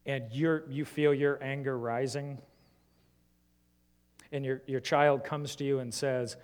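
A man preaching a sermon, questioning his listeners and swinging between emphatic rises and soft, low drops. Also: fairly even intonation, takes it slowly, long pauses, clear, resonant tone. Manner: asks the congregation many rhetorical questions.

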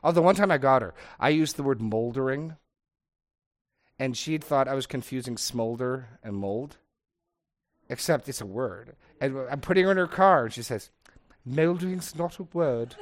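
A man's voice: mid-range voice, animated, normal speed. A middle-aged man leading a casual Bible study discussion, chatty and digressive, laughing often as he talks.

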